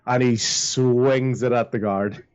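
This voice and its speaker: A man's voice: mid-range voice, fairly even intonation, slow, a little mellow, clear, resonant tone, lo-fi sound. A man narrating as game master of a tabletop game, rambling with lots of fillers.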